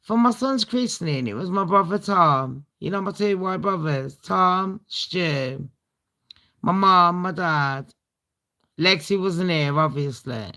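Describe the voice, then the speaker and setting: A woman from Britain hosts a livestream storytime, chatting bluntly with heavy swearing and laughing asides. Her voice is lowish, expressive, bright and forceful, delivered at a slow pace.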